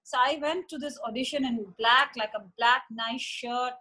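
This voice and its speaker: A woman tells a long story in a chatty, animated way, slipping into other people's voices. Her voice sits a little high. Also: normal speed, poor audio. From India. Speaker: interview guest, former model. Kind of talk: casual storytelling.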